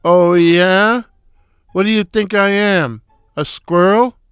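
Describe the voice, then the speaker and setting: A man voicing a brash, wisecracking middle-aged comedian with a loud foghorn voice, firing off punchy gags in a comic story reading. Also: high-pitched, steady tone, slow, clear, resonant tone, no echo, clean studio sound.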